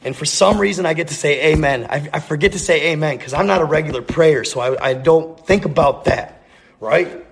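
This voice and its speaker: A man's voice: fairly high pitch, brisk, gravelly, background noise. A man telling a rambling, profane story in a casual, earnest way, full of slang and repeats. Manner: earnest, intense.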